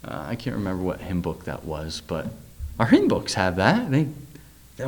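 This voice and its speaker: A man's voice: mid-range voice, huge pitch swings. Man, middle-aged, preacher, sermon, scripture reading, conversational asides, rhetorical questions. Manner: reads scripture aloud, then talks loosely with pauses, fillers and rhetorical questions.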